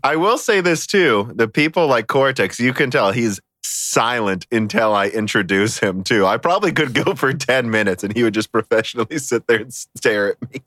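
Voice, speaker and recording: A man's voice: medium pitch, lively intonation, normal speed, few pauses, fairly bright tone, no room sound, clean studio sound. A man hosting a casual hardware podcast, chatty and joking, often laughing between words. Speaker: podcast host.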